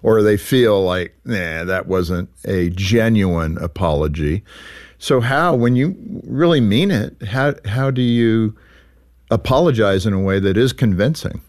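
A man hosting an interview show, chatty and quick to laugh as he frames questions for his guest. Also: on the low side, lively intonation, a little mellow. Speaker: radio show host.

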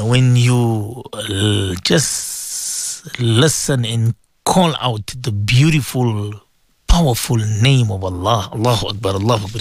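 A man's voice: medium pitch, no room sound. A man hosting a morning radio show, talking in an emphatic, repetitive, preachy way. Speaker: radio host.

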